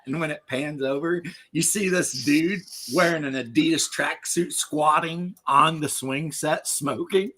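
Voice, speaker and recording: A man with a slightly high, bright, forceful voice in casual podcast banter. He rambles through jokes and breaks into laughter often. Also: moderate pace, few pauses. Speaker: podcast host. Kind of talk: casual chat.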